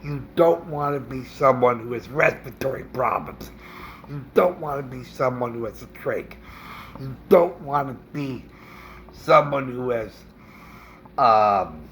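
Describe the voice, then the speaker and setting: Man vlogger, indignant rant, slow and halting, pitch swinging up and down. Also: a little hiss or hum. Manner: indignant, halting with fillers and restarts. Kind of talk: opinion rant to camera.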